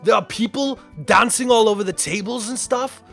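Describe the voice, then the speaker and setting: A man doing an impression of a friend, a laid-back man who sounds excited and drawls his words. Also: high-pitched, moderate pace, creaky, soft background music.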